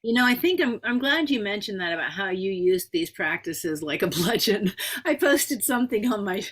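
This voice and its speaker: A woman's voice: mid-range voice, lively intonation. A woman hosting a conversational interview, talking in a reflective way with frequent restarts. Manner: reflective, halting with restarts and fillers. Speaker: host.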